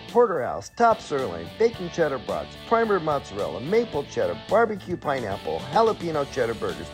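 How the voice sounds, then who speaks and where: A man's voice: a little high, huge pitch swings, fairly quick, hardly any pauses, over music. A man voicing his own shop's radio ad, cheerfully listing products. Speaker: butcher shop owner. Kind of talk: radio ad read.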